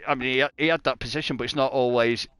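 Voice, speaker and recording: A man's voice: medium pitch, fairly even intonation, quick pace, a bit bright, smooth, no echo. A man doing live race commentary on a stream, chatty and joking at his own expense. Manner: chatty, joking, self-mocking.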